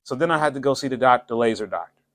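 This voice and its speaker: A man hosting his own channel, telling a story in a casual, animated, slangy way and laughing often. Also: mid-range voice, racing. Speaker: channel host.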